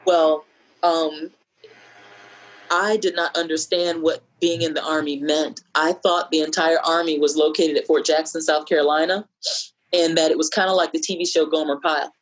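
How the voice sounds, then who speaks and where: A middle-aged woman with a low voice tells a personal story, reflective and measured. She pauses often and uses fillers. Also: little pitch movement, rough recording. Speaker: podcast guest sharing a personal story.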